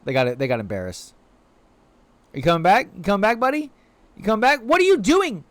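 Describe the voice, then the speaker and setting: A man live-streams a video game, talking fast in a high voice with no echo. He rambles casually to his chat, animated and full of "like" fillers, and coos playfully at the creatures on screen.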